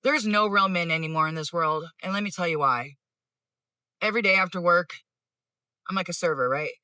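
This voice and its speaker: A man rattles off a rambling story at high speed, his voice high-pitched, bright and crisp. The sound is close and dry with no room around it. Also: dry recording. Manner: fast, rambling anecdote. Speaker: server. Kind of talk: casual vent to camera.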